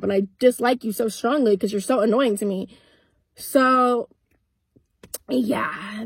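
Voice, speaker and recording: A woman's voice: fairly high pitch, slightly rough, no room sound. An eighteen-year-old woman telling a storytime vlog in a casual, blunt way, swearing freely and acting out both sides of old arguments. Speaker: content creator.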